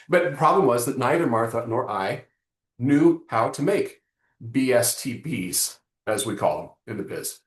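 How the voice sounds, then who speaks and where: A man hosting a live online marketing lesson, joking and talking straight to his audience in an animated way. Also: mid-range voice, moderate pace, roomy sound. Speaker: webinar host.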